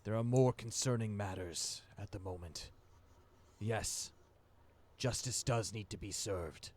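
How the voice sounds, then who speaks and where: A man acting as game master, voicing a grave, protective shape-changer chieftain in a tabletop game with a slow, solemn manner. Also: lowish voice, a little mellow, a little hiss or hum, lightly acted. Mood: commanding.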